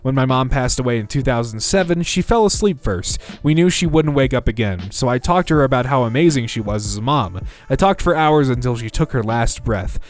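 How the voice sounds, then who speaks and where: A man narrating internet posts aloud in an animated, comic storytelling manner. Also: medium pitch, fairly quick. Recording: faint background music.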